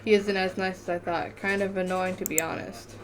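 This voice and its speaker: A woman's voice: fairly low pitch, fairly even intonation, fairly quick, a crowd in the background. A woman reading the text of a story game aloud in a casual let's-play manner, often tripping over words and correcting herself. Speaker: gamer reading a visual novel aloud.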